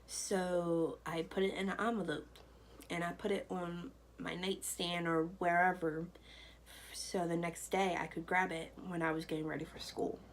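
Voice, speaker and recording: A woman's voice: on the low side, level tone, moderate pace, a little hiss or hum, poor audio. A young woman telling a personal story to camera in a loose, chatty way, full of fillers. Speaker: vlogger.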